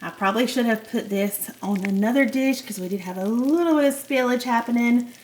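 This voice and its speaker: A woman's voice: a little high, a little fast, a little mellow, a little hiss or hum. A woman hosting a home cooking video, chatting casually to viewers and giggling often. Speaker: cooking channel host. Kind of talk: casual cooking demo chat.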